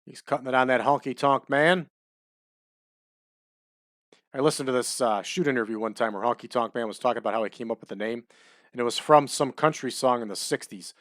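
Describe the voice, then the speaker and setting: A man giving relaxed, chatty commentary over a wrestling management game, adding trivia as he goes. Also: medium pitch, a little fast, long pauses, dry recording, studio quality. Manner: laid-back, chatty, adds wrestling trivia.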